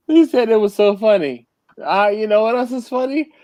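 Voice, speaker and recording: Laid-back male host, unhurried delivery, dry close sound. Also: very high voice, darkish tone, no room sound. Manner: laid-back, joking, repeats himself. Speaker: livestream host. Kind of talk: casual group chat.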